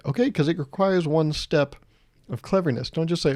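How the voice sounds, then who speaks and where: A man's voice: on the high side, moderate pace, darkish tone, no echo. A man hosting his own podcast, delivering a casual, profane comedic rant with exasperated swings. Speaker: podcast host.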